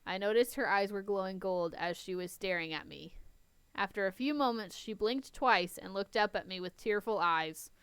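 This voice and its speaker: A woman's voice: medium pitch, normal speed, clean tone, no echo. A young woman hosting a casual story reading, reading the text aloud and breaking off to laugh and chat about it. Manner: chatty, laughs between lines.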